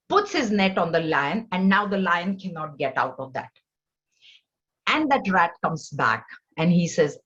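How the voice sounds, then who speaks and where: Earnest woman teaching scripture, muffled. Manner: earnest, repetitive, with many restarts; lively, rising pitch when stressing points. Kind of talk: spiritual lesson on scripture.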